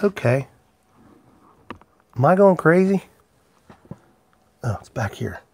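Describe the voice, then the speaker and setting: A man's voice: on the high side, very animated, takes it slowly, darkish tone. A man hosting a casual live stream from his workshop, rambling easily while he works and greeting viewers by name. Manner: rambling, easygoing, talks to chat viewers by name. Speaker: livestream host and pipe maker.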